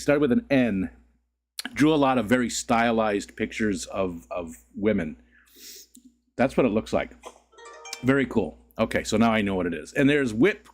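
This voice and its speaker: A man hosting a casual livestream, just woken up, chatting with viewers and greeting them by name. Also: darkish tone. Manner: rambling, greets chat, sudden squeaky voice cracks and laughs. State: just woke up. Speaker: livestream host.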